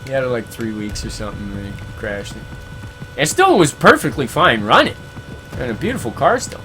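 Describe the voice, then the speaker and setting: Man, gaming stream host, casual chat, chuckling storyteller, music clearly playing behind. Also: medium pitch, huge pitch swings, a little fast, sharp tone. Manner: laid-back, chuckling storyteller who slips into voices for quoted friends. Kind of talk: casual chat, storytelling between reading chat comments.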